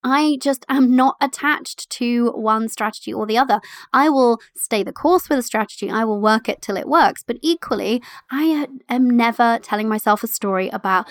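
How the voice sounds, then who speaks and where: A woman in her thirties talks through her solo podcast in a lively, chatty way, laughing easily as she goes. Her voice sits a touch high. The sound is close and dry, with no room echo. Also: moderate pace. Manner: animated, chatty, laughs often. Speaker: podcast host.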